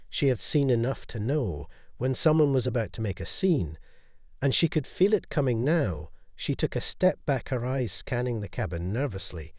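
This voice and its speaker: A man narrating a scripted audio story in a measured, dramatic way. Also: mid-range voice, darkish tone, no echo, studio quality.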